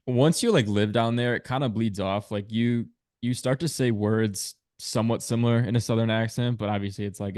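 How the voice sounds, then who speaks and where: A young man in his twenties with a Chicago accent talks in an easygoing, rambling way, leaning on "I mean" and "dude." His voice sits on the low side, and the recording is very dry and close. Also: a little mellow, no echo. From Chicago area. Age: 20s. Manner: laid-back, fillers like "I mean" and "dude". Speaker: guest hockey player. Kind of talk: casual podcast chat.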